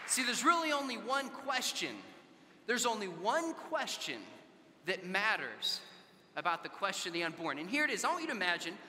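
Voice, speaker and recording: Man from southern california telling stories to teens, acts out the back and forth, real bright edge, big reverby hall. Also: high voice, very animated, moderate pace, some chatter behind, slight background noise. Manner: conversational, acts out dialogue in anecdotes. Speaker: conference speaker. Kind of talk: storytelling talk to a youth audience. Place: large conference hall.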